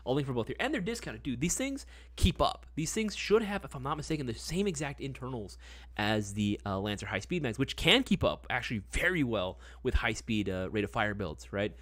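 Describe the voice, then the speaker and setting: A man's voice: mid-range voice, no room sound. A young man chatting casually on a live stream, loose and slangy, always checking in with "right?". His voice sits in a middle range. The sound is dry and close, with no room around it. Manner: laid-back, slangy, lots of "right?" and "man". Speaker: livestream host.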